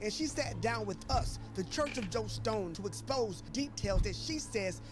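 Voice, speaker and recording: Show host, clear presenter delivery, intro read over music. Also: male voice, sits high, lively intonation, moderate pace. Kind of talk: scripted introduction.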